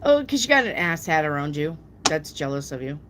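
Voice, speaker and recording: Swearing freely and imitating people in a high-pitched voice, a woman gives blunt answers to viewers' questions during a casual live tarot reading. Her delivery is sing-song and brisk, with background noise audible.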